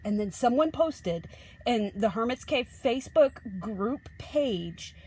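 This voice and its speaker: A woman from the Ozarks, reviewing a tarot deck in a rambling, chatty way, often cutting herself off and gushing with excitement. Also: fairly high pitch, breathy edge. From Ozarks, United States. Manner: chatty, rambling, self-interrupting; gushing exclamations. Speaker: tarot reader.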